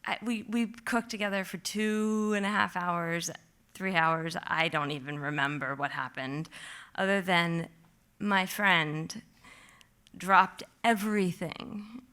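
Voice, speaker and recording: A woman tells a true story live on stage in a bright, clear voice. She talks in an animated rush, full of "like", and throws herself into the moments she relives. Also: on the low side, takes it slowly. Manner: animated, vivid, heavy use of "like"; acts out her own past panic in quotes.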